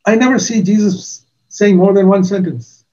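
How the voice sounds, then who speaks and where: An older man preaching a sermon, giving earnest testimony with slow, emphatic pauses. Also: high-pitched, dark tone, lo-fi sound.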